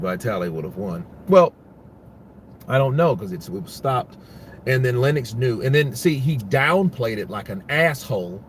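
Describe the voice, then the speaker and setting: A man's voice: medium pitch, slight background noise. A man giving casual, rambling boxing commentary, full of profanity and restarts.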